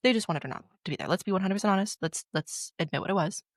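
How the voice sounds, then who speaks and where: A young woman co-hosting a podcast, telling stories in an animated, casual way and swearing freely. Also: mid-range voice, racing, no echo, studio quality. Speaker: podcast co-host. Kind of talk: casual chat.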